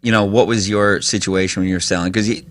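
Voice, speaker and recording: A man hosting a podcast interview in casual chat. He is blunt, swears freely and keeps up a stream of quick agreeing interjections. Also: lowish voice, steady tone, no echo. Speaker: podcast host.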